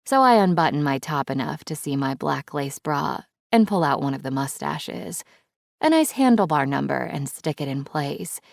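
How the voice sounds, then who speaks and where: A woman's voice: deep voice, lively intonation, moderate pace, vocal fry, no room sound, clean studio sound. A woman narrating a first-person romance audiobook in a wry, playful, intimate way.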